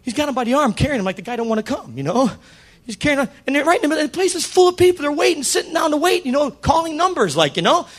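A man's voice: very high-pitched, rapid-fire. A middle-aged male pastor preaching a story-driven sermon, acting out the dialogue in changing voices. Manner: animated, acts out dialogue with shifting voices.

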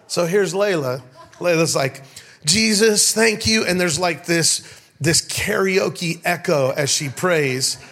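A man's voice: fairly high pitch, takes it slowly, a bit bright. A middle-aged man preaching a sermon to his church, telling funny stories and calling out to the congregation. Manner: storytelling, call-and-response with the congregation. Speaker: pastor. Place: church sanctuary.

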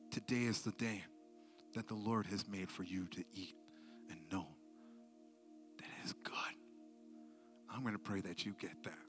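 A man preaching a sermon with a story, moving between hushed near-whispers and loud, excited telling. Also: lowish voice. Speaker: speaker at school assemblies and church event.

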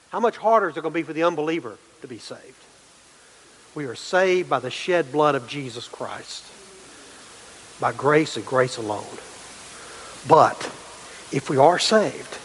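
A man delivers a sermon in a fairly high voice. He preaches emphatically, repeating phrases and swinging from loud, lifted lines to quiet ones. The sound rings with a long reverb, as in a church. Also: animated, unhurried, a little hiss or hum. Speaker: pastor.

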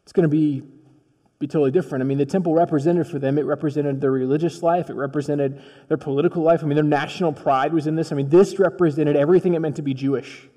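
A man's voice: fairly high pitch, steady tone, quick pace, hardly any pauses, dark tone. A man preaching a sermon in a conversational storytelling style, acting out dialogue as he goes. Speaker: pastor. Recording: long reverb of a large hall.

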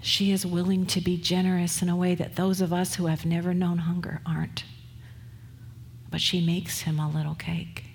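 A woman's voice: lowish voice, little pitch movement, moderate pace, gravelly, darkish tone, a little hiss or hum. A woman pastor preaching a sermon, retelling scripture stories in a conversational, storytelling way.

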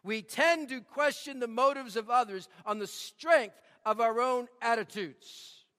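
A man's voice: extremely high pitch, a little slow, sharp tone, big-room sound. A man preaching a sermon, telling stories and repeating key lines for emphasis. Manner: storytelling with emphatic repetition. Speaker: pastor.

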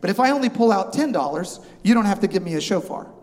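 A man delivers a humorous sermon as a pastor, acting out a haggle with lively back-and-forth voices. His voice sits slightly high. The sound carries a long reverb, as in a large church. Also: fast talker. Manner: animated, acts out both sides of a haggle.

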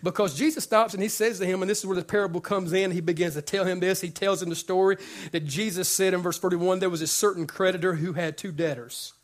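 A man's voice: high-pitched, fairly even intonation, fast talker, few pauses. A man preaching a sermon to his congregation in a conversational, joking way, often repeating words as he builds up. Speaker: pastor.

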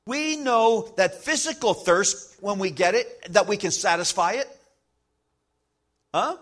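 A man preaching a sermon as pastor, emphatic, slowing down to stress key lines and acting out little everyday scenes. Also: high voice, animated, fairly bright tone.

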